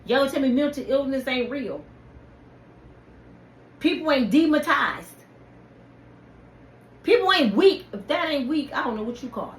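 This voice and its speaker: Heated, preachy woman with a lively high voice. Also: a little slow, long pauses. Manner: heated, preachy, addresses viewers directly. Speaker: channel host. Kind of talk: impassioned personal rant to camera. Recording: echoey room with faint ambient noise.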